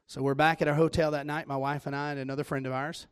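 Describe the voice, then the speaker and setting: A man's voice: a little high, little pitch movement, quick pace, smooth. A man with a Southern US accent preaching a sermon, telling stories with self-deprecating humor. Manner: joking, self-deprecating storytelling.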